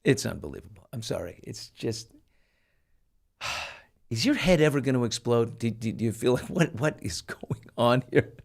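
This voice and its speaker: A man's voice: mid-range voice, expressive, a little slow, creaky, long pauses. A middle-aged man hosting a podcast, commenting casually with lots of fillers and an incredulous tone. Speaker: podcast host.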